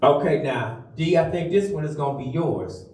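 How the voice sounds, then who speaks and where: A man delivers a sermon at a slow, deliberate pace, leaning hard on single words and drawing the congregation into call-and-response. His voice sits somewhat high. The sound comes from a distance, ringing through a reverberant church. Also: darkish tone, a little hiss or hum. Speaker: minister. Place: church sanctuary. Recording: echoey church from far off.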